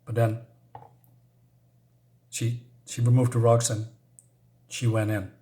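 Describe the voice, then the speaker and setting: A man casually retelling a horror story, rambling and filling pauses with many ums while searching for words. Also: medium pitch, flat delivery, dark tone.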